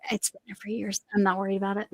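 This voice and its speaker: In a low-quality recording with no room sound, a middle-aged woman races through rambling crochet-livestream chat in a flat, medium-pitched voice. Her voice is slightly going, and she trails off and restarts.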